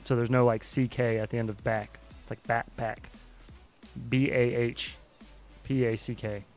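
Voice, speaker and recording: In a mid-range, darkish voice with little pitch movement, a man hosts a livestream at normal speed while flying a drone simulator. He rambles casually and swears a lot, with faint music playing behind him.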